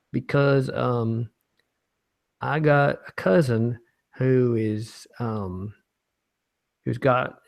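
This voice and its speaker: A man reading out a letter in the voice of an earnest, worried male writer from the Deep South, rambling loudly and insistently. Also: vocal fry. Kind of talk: mock press conference letter reading.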